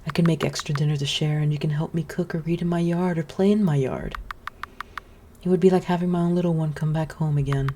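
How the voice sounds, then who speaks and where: A woman voicing a gentle, lonely and motherly forest witch from a video game, speaking slowly in a sweet, coaxing way. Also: low-pitched, fairly even intonation, a little hiss or hum. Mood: tender. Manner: soft, slow and sweetly coaxing. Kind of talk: reading game dialogue aloud.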